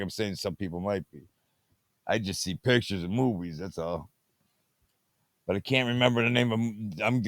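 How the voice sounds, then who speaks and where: A man's voice: lowish voice, dry recording. A man hosting a late-night movie review show, talking in a meandering way, repeating catchphrases and getting sidetracked. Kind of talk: rambling casual monologue. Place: home at night, fiddling with a tablet.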